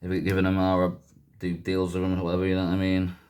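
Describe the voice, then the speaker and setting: A man's voice: sits low, monotone, fast talker, darkish tone. A man casually talking through a gadget teardown in a chatty, rambling way, often correcting himself. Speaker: YouTuber doing a gadget teardown.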